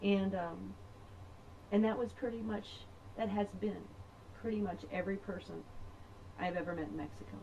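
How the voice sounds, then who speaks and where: A middle-aged woman telling a personal story in a rambling, chatty way, laughing often and filling pauses. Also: mid-range voice, steady tone, mellow, highs cut off, slight background noise. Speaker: podcast host.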